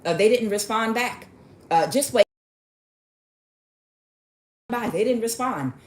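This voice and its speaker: A woman playing a clueless, fretful man who frets and complains that nobody has answered him. The voice sits a little higher than her usual one and has a whiny edge. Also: animated, slow. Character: anxious, clueless man waiting for a text.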